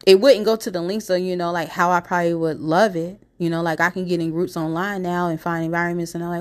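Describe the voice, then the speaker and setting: A woman's voice: lowish voice, moderate pace. A young woman hosting a solo podcast, stuffy from a cold, rambling conversationally with lots of "you know" and "like". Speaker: podcast host. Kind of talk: casual solo podcast talk.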